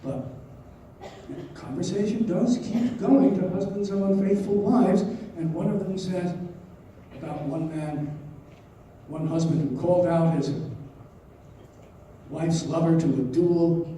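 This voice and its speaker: A man's voice: a little high, takes it slowly, pauses often, dark tone, a little hiss or hum. A male professor giving a university lecture who explains a novel and reads passages aloud. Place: lecture hall. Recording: echoey lecture hall from far off.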